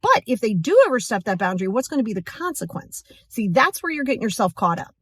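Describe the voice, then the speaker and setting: A woman's voice: a little high, big pitch swings, fast talker, slightly rough, dry recording, clean studio sound. A woman hosting a motivational podcast, talking directly and emphatically to the listener. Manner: direct, emphatic, acts out quoted voices. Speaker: podcast host.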